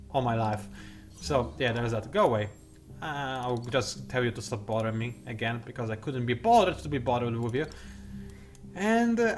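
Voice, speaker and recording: A man giving casual, sarcastic let's-play commentary as he plays a strategy game, mocking himself and breaking into sudden excited outbursts. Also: medium pitch. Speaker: gaming video creator.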